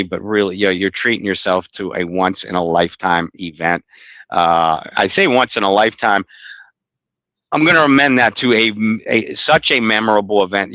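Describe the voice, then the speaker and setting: A man's voice: low voice, sharp tone, no room sound. Rambling, blunt male podcast co-host. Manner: rambling, halting, with many restarts and blunt profanity. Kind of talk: casual podcast chat.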